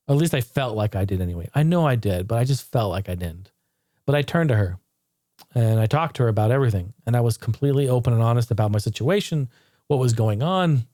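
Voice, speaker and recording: A man's voice: medium pitch, warm tone, dry recording. Blunt, profane man in a dry room. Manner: blunt, profane, rambling with many restarts. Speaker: channel host. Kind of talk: candid personal retrospective monologue. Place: home.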